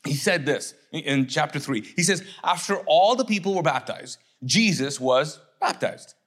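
A middle-aged man preaching a sermon as pastor, conversational and joking, acting out quick voices of others. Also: fairly high pitch, expressive, fairly bright tone.

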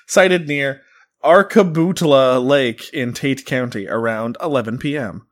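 A man's voice: mid-range voice, slow pace. A man hosting a casual comedy podcast, reading strange entries aloud and often breaking into laughter.

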